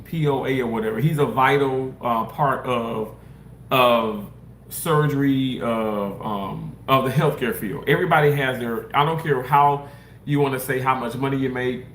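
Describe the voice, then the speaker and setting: Man, casual storytime rant, repeats himself, bright higher voice, roomy echo. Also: slight background noise. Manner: animated, rambling, repeats and restarts, talks to viewers as y'all. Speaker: surgical staff member.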